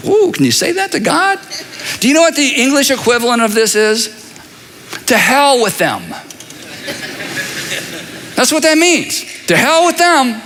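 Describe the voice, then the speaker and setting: Lively bright-voiced male preacher in a reverberant hall. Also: very high-pitched. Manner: animated, conversational preaching with repeated phrases and asides. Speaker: pastor. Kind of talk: sermon. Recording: long reverb of a large hall.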